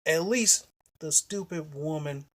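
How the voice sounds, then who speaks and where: A man's voice: on the high side, slow, fairly bright tone. A man vlogging, telling a personal story in a casual, rambling way, blunt and full of swearing, often restarting his sentences.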